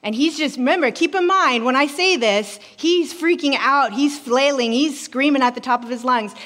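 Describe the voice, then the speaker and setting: A woman pastor in her forties preaching a sermon in a church, telling a story in an animated way and acting out voices. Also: high-pitched, moderate pace. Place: church sanctuary. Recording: reverberant hall.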